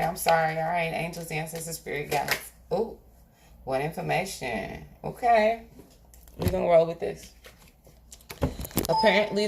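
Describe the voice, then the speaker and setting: In this clip, a woman with a low-sitting voice gives a tarot reading directly to her viewers, with slight noise in the background. Her style is casual and colloquial, and she speaks emphatically, often pausing to check in with an "okay?"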